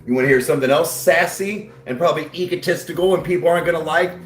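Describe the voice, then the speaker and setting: A man's voice: on the high side, fast talker, echoey room. A man hosting his channel in casual chat, crude and brash, rambling and defiant. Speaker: YouTube channel host.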